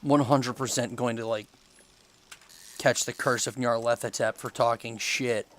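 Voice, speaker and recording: A man's voice: mid-range voice, fairly even intonation, a little slow, a bit bright, slight background noise. A man playing a video game and commenting, teasing and taunting the creatures he meets. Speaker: gaming YouTuber. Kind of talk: let's play commentary.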